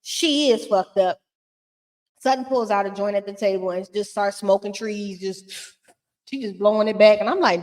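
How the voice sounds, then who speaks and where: A woman's voice: mid-range voice, moderate pace, darkish tone, in a large hall. A woman giving a casual, blunt and profane recap of a reality show, talking with plenty of sass.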